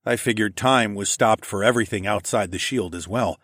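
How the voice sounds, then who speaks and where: Low-voiced man narrating a fantasy story. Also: moderate pace, a bit bright, no echo, studio quality. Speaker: audiobook narrator. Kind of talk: first-person fantasy narration.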